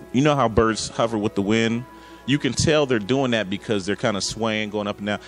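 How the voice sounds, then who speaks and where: A man in his thirties preaching a sermon, telling an emotional personal story and acting out his dialogue with God. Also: fairly low pitch. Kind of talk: sermon testimony.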